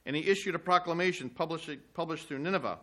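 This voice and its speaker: A man's voice: fairly high pitch, fast talker, a bit bright. A man preaching a sermon, reading scripture aloud with rising emphasis and explaining it in plain asides.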